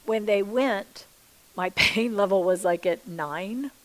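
Middle-aged woman, sermon-style testimony, animated storytelling, voices the other people in the story, soft hushed prayers, checks in with the audience, medium pitch. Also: slow, rough recording. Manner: animated storytelling that acts out the dialogue; chatty, checks in with the listeners. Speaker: Christian speaker.

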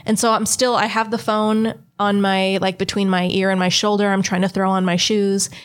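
A woman's voice: mid-range voice, level tone, moderate pace, smooth. Casual, swearing young woman telling a story. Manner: chatty, swears freely, acts out quoted voices. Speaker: podcast co-host.

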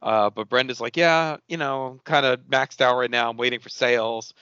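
A man's voice: mid-range voice, steady tone, moderate pace, sharp tone, smooth, dry recording, muffled recording. A man hosting a podcast, casually recapping a TV episode and acting out the characters' lines with a loose, swearing humor. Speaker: podcast host.

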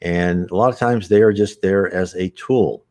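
A man's voice: sits low, normal speed, darkish tone. A man hosting an unscripted spiritual talk, earnest and rambling, with frequent restarts and asides.

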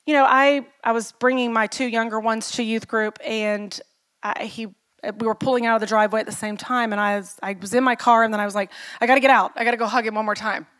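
A woman's voice: mid-range voice, a bit bright, smooth. A middle-aged woman pastor preaching a sermon in an earnest, personal way, telling stories and asking the listeners questions.

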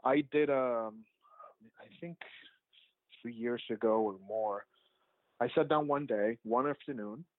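A documentary filmmaker, a man, tells his story loosely and chattily, stumbling through fillers and restarts. His voice comes through a thin, narrow, phone-like line. There is no room sound at all, and his pitch sits at an ordinary middle level. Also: a little slow, pauses often, no echo. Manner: rambling, full of "like" fillers and restarts. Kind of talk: casual storytelling interview answers. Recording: tinny phone-like line, dry.

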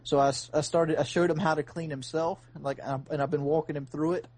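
A man with a slightly high voice tells a long story in a casual podcast chat. He rambles earnestly and restarts often. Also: steady tone, fairly quick, a little mellow.

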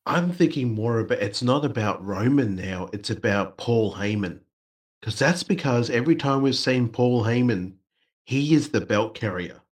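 A man's voice: mid-range voice, animated, normal speed. A man co-hosting a casual wrestling chat, playful and swearing freely, slipping into mocking voices. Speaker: podcast co-host.

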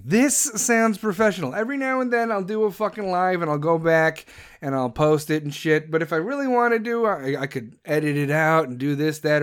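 A man's voice: high-pitched, fairly bright tone. A man from the United States hosting a solo podcast, ranting in a rambling, profane and opinionated way. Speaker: podcast host.

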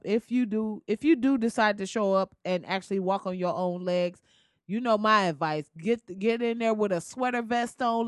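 A young adult woman delivering a loud, profane comedic rant, laughing and swearing as she tells the story. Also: mid-range voice, no echo, clean studio sound. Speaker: commentator.

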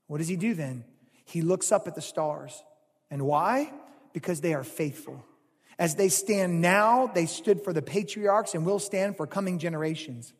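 Husky, high-pitched male pastor, animated sermon delivery, long hall reverb. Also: normal speed. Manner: animated preaching, swings from loud to hushed.

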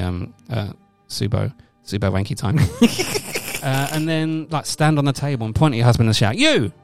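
Gravelly man telling stories deadpan. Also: lowish voice. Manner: rambling deadpan storytelling with loud shouted bits. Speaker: podcast co-host. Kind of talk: casual comedic podcast banter.

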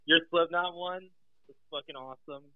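A man guesting on a podcast, telling stories in an animated, casual way, swearing and laughing often. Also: on the high side, normal speed, smooth, no room sound, phone-quality sound. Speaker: guest, radio show host. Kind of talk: casual chat.

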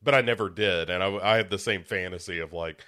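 A man's voice: low voice, fairly quick, pushed and bright. A slightly congested young man chatting casually as a podcast co-host, rambling and joking at his own expense. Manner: rambling, self-mocking, with many restarts. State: a little congested. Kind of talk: casual chat.

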